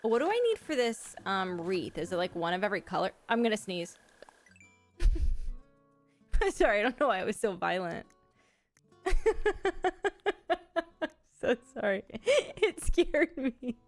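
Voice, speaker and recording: A woman's voice: mid-range voice, big pitch swings, normal speed, pauses often, soft background music. A woman chatting casually on a live game stream, giggling often and making crude jokes. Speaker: livestream gamer.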